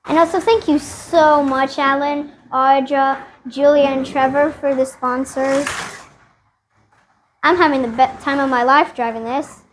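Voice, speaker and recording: A woman's voice: high voice, steady tone, a little slow, slight background noise. A woman co-hosting a casual review, cheerful and replying in short agreements. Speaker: co-host.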